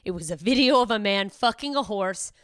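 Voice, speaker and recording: Woman comic host, expressive and incredulous, swears a lot, dry studio sound. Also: mid-range voice, fairly quick, no echo. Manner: animated, profane, incredulous riffing. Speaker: comedian podcast host. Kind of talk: casual comedic chat.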